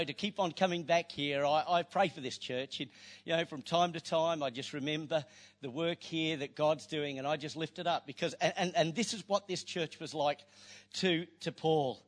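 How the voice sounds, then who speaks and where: High-voiced man preaching lively. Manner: lively storytelling with playful asides. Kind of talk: sermon.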